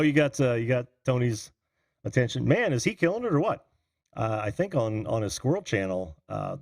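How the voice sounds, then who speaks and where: A man's voice: lowish voice, a little mellow, no echo, studio quality. A middle-aged man hosting a call-in livestream, rambling casually and answering viewers' chat comments. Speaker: call-in show host. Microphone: computer mic on a video call.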